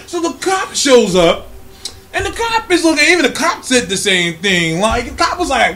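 Young man, podcast host, high lively voice, swearing, laughing through stories. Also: brisk. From California. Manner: animated, profane, laughing while telling a story. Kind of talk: casual storytelling chat.

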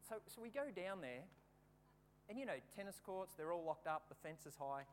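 A man preaching a sermon, telling funny personal stories with lively, acted-out storytelling. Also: high-pitched, normal speed. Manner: lively anecdotal storytelling, acting out the scenes. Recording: long hall reverb, faint background hum.

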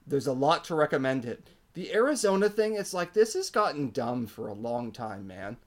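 A man's voice: mid-range voice, normal speed. Opinionated man in casual hockey chat. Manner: opinionated, animated, frequent fillers. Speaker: podcast co-host.

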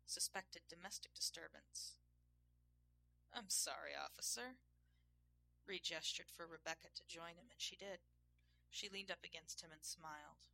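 A woman reading an erotic story aloud in a measured, intimate way. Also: lowish voice, steady tone, creaky, sharp tone, low-quality recording. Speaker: narrator. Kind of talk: erotic audiobook narration.

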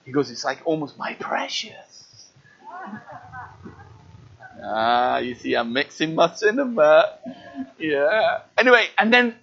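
A man preaching a sermon, telling a story in an animated way and acting out its scenes. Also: a little high, highs cut off. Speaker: pastor.

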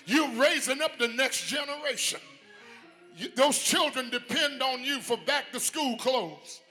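High, bright-voiced whooping preacher man. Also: expressive, a little slow, faint music behind. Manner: whooping, sing-song preaching with shouted climaxes; calls out to the congregation. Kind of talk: sermon.

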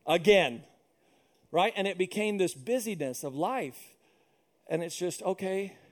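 A man in his thirties preaching a sermon as pastor, telling stories in an animated way and acting out other people's voices. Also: high voice, a little slow. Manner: animated storytelling, acts out voices.

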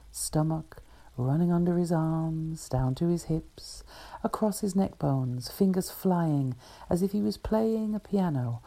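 A woman author reading her own short story aloud in a measured, even way. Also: lowish voice, creaky.

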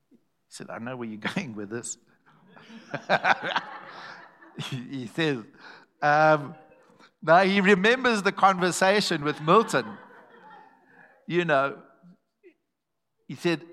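A man preaching a sermon in a church, telling stories and calling out to the congregation. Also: mid-range voice. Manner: animated, calls to the congregation, acts out quoted voices. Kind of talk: sermon with storytelling.

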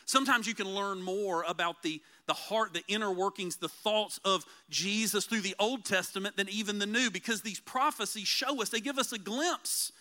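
A man preaching a conversational sermon as pastor, earnest and emphatic, slowing down to repeat key phrases. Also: high voice, pushed and bright.

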